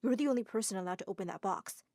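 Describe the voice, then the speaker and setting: A calm, urgent young man in an animated drama, as a woman narrator voices him. He speaks quietly and in a hurry. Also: medium pitch, racing, dry recording, clean studio sound, close to an everyday voice. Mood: hushed.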